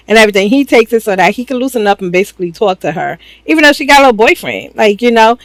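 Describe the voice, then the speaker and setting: A woman's voice: medium pitch, expressive, a little fast, few pauses, no room sound, rough recording. A woman giving a chatty, slangy, casual recap of a reality show, laughing often. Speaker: reaction channel host.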